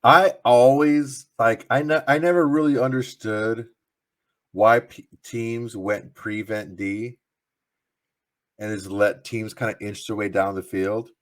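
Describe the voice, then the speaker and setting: A man's voice: medium pitch, steady tone, takes it slowly. A man co-hosting a sports podcast, telling loose, profane stories full of fillers. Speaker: podcast co-host. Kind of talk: casual sports chat.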